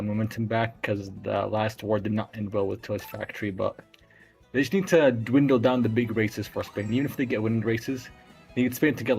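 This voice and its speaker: A man giving casual color commentary on a competitive racing match, with quick analytical remarks. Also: lowish voice, gravelly, a little mellow, low-quality recording.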